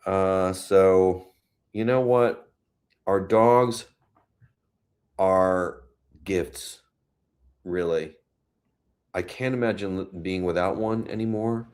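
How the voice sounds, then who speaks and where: A man hosting a casual live stream from his home in New York City, chatting about the weather and reading viewer comments aloud with gentle, consoling words. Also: deep voice, slow, long pauses. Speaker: host.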